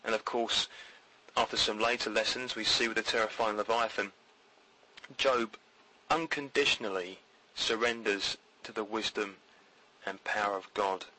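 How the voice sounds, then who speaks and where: A man who is a podcast guest, giving earnest, steady Bible commentary. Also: fairly low pitch, moderate pace, pauses often, poor audio.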